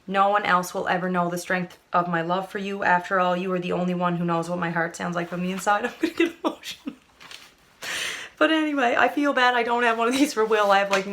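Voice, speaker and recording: Chatty young woman, gravelly. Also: medium pitch, a bit bright, slight background noise. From Canada. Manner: chatty, rambling with fillers. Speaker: vlogger. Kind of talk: casual chat to camera.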